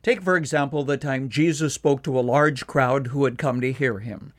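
A man delivering a scripted devotional radio commentary in a measured, earnest way, slowing down to stress key points. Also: medium pitch, steady tone. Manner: measured, earnest, slows down for emphasis.

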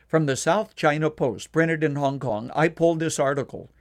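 A man delivering a scripted devotional radio commentary in a measured, earnest way, slowing down to stress key points. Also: a little high. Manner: measured, earnest, slows down for emphasis.

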